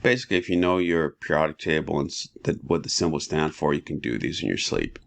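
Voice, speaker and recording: A man teaching chemistry in a relaxed, casual lecture, walking students through each step and often asking "right?". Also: fast talker. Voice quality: very deep and gravelly. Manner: relaxed, talks students through steps with frequent rhetorical "right?".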